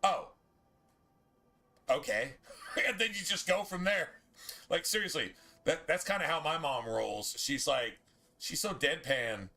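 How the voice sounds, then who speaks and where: A man's voice: a little high, lively intonation, unhurried, pauses often, pushed and bright. A man streaming a video game, chatting in a rambling, laid-back and profane way. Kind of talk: casual gameplay commentary.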